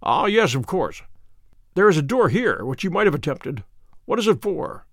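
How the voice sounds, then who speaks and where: A man's voice: fairly high pitch, sing-song, fairly bright tone, no echo, clean studio sound, heavily acted. A man doing a commanding, cryptic detective. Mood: measured. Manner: measured, authoritative. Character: sharp, commanding male detective, calm and cryptic.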